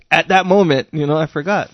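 A man co-hosting a podcast, chatting in a relaxed, rambling, self-deprecating way. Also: a little high, normal speed, dry recording, dull audio. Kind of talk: casual podcast chat.

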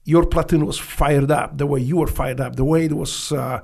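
Fairly high-pitched yet gravelly and dark, this Polish-accented former Navy SEAL keeps a steady tone while recounting stories as an interview guest. He curses freely, restarts sentences, and speaks in halting, broken English, all with a blunt edge.

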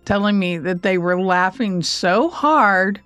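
A woman co-hosting a podcast in casual chat. She laughs often and slows down for emphasis. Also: medium pitch, a bit bright, clean tone, dry recording. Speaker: podcast co-host.

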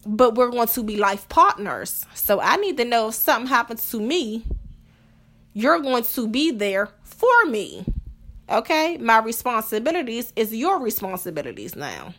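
She's a podcast host whose fairly high, sing-song voice sounds fairly bright at normal speed. The woman speaks bluntly and profanely in a casual talk about relationships, asking rhetorical questions along the way.

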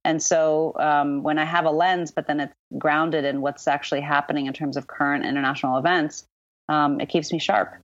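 A woman's voice: low-pitched, flat delivery, moderate pace, no room sound. A woman guest author answering podcast interview questions thoughtfully, with many ums and restarts. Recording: dull, dry lo-fi sound.

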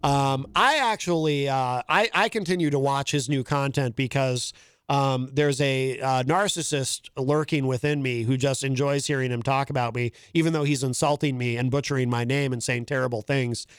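A man's voice: mid-range voice, steady tone, moderate pace, clean tone, no echo. A man hosting a podcast, rambling and mocking himself, breaking into laughs at his own jokes. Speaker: podcast host. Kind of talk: casual monologue.

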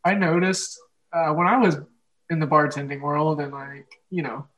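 A man's voice: fairly high pitch, normal speed, a bit bright, highs cut off. A young man with an Oklahoma Midwestern accent hosts a casual podcast chat, rambling with lots of fillers and frequent laughs. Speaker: podcast host.

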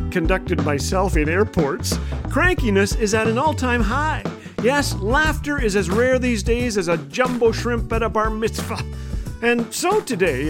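A man hosting a humorous devotional radio talk, telling jokes and doing animated voices for the people in them. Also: high voice. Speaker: radio host.

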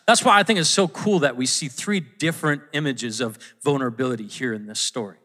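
A man's voice: medium pitch, sharp tone. A man preaching a conversational sermon in a church, often restarting his sentences and acting out quotes. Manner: conversational, self-interrupting, acts out quotes. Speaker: pastor. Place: church auditorium.

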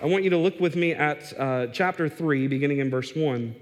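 Man preaching with an emphatic, slightly high voice. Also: fairly quick. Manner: emphatic, repeats words for stress, with fillers and restarts. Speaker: pastor. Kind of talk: sermon. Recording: echoey hall reverb.

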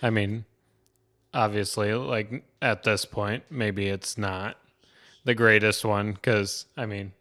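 A man's voice: fairly low pitch, steady tone, slow, sharp tone. A man chatting casually about a movie, laid-back, often answering with short agreeing replies.

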